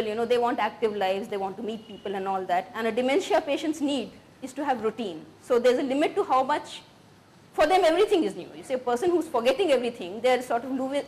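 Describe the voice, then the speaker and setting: An earnest woman with a fairly high voice recounts caring for her mother with dementia. She often slips into the voices of the people around her, and a faint hiss sits under the recording. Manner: earnest, quotes others in lively voices. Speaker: caregiver speaking on a recorded clip. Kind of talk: personal story of caregiving.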